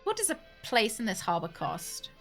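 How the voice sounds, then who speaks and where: Woman reading as a calm male investigator for a game: plain, bright. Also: fairly high pitch, moderate pace, faint music behind, exaggerated voice. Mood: matter-of-fact. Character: male detective agent, calm and matter-of-fact.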